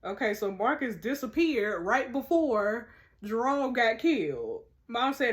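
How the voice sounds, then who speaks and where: A woman with a slightly high, very animated voice speaks at a measured pace while playing a mystery game. In a chatty let's-play style, she talks to viewers and reads clues, messages and texts aloud.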